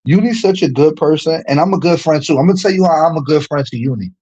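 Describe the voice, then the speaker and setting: Husky-voiced man ranting on a stream. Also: a little high, fast, rough recording. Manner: animated, slangy, laughs often, mocks in put-on quotes. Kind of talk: casual livestream rant.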